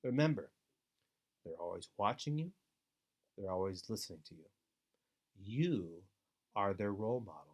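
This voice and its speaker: A man giving an instructional webinar talk to foster parents, earnest and deliberate, with steady advising emphasis. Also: fairly low pitch. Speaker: foster care trainer.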